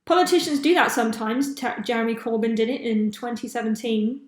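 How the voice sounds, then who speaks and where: Chatty high-voiced woman. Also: a little fast, few pauses. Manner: chatty, laughs often, loses track of names. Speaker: podcast host. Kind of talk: casual chat. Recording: echoey room.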